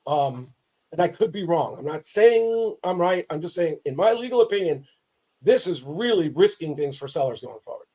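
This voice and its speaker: A man's voice: a little high, animated, moderate pace, dark tone. A man, a real estate attorney, giving fired-up, emphatic commentary and often restarting his sentences. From Southern California. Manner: fired-up, emphatic, self-interrupting. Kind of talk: impassioned commentary.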